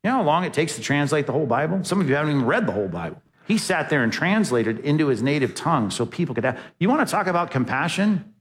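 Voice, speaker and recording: A man's voice: fairly high pitch, big pitch swings, quick pace, hardly any pauses. A male pastor preaching a sermon in a conversational way, firing off rhetorical questions and acting out quotes with emphasis. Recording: long hall reverb.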